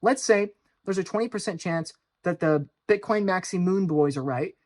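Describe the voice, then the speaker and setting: Hosting his own finance channel, a man delivers an urgent, insistent direct-to-camera monologue at a moderate pace. He piles up repeated phrases, swinging from low, grave warnings to loud, mocking outbursts.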